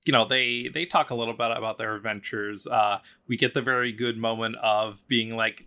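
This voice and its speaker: Bright-voiced chatty male podcaster. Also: medium pitch, fairly even intonation, normal speed, few pauses. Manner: chatty, full of ums and likes, voices quotes loosely. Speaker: podcast co-host retelling a story. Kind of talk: casual podcast chat.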